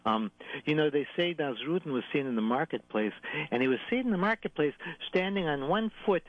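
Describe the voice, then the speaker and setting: A man telling folk tales in a playful, lively way, adding sound effects. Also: a little high, brisk, dry recording. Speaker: storyteller. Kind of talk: oral folk storytelling. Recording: tinny phone line.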